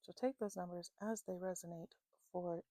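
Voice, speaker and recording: A woman with a warm, mellow voice gives an intuitive psychic reading to her viewers. She speaks unhurriedly, fills pauses with "um", and keeps checking in with "okay?". The sound is dry and close, with no room echo. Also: on the low side, steady tone. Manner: unhurried, many fillers and "okay?" check-ins. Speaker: psychic reader.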